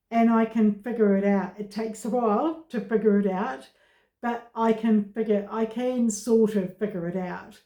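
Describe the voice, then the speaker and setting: A woman vlogger talking to camera about her own experience, in slow, halting speech with many pauses and fillers. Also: on the high side, warm tone, roomy sound. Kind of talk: casual personal talk to camera.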